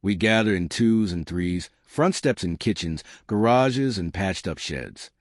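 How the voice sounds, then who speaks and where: A man narrating a scripted story in a slow, lyrical, measured way. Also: low-pitched, lively intonation, no echo, studio quality.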